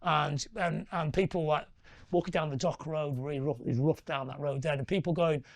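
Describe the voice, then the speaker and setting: A man's voice: fairly high pitch, fairly even intonation, moderate pace, vocal fry, no room sound. A middle-aged man, telling rambling anecdotes as a guest in a live interview and tagging his points with questions. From northwest England. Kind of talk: live on-stage interview chat.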